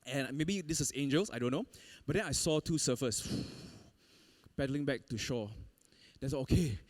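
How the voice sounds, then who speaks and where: A man preaching a sermon, telling a personal story in an animated way and laughing often. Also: mid-range voice, normal speed. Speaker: pastor.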